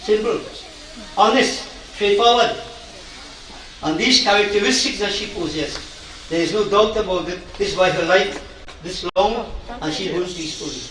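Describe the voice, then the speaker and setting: A man's voice: sits high, normal speed, long pauses, fairly bright tone, a little hiss or hum. A man giving a conversational funeral sermon as a Hindu priest, asking the crowd questions as he preaches. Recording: echoey distant livestream sound.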